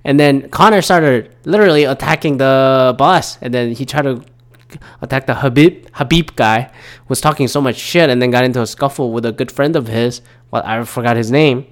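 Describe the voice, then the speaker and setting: A man's voice: mid-range voice, normal speed. Host, thirties, male; loose and profane, rambling talk with many fillers. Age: 30s. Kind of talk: casual solo commentary.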